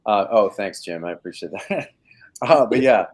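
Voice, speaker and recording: Man, 30s, actor guest, deep voice, rambling, fillers and restarts, video call from home. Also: lively intonation, normal speed. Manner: rambling, self-deprecating, lots of fillers and restarts. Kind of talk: casual live interview chat.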